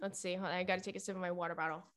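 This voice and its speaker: A woman's voice: lowish voice, little pitch movement, very fast, fairly bright tone, dry recording. A woman hosting an advice podcast, reading a listener's email aloud and reacting in a playful, slangy, chatty way.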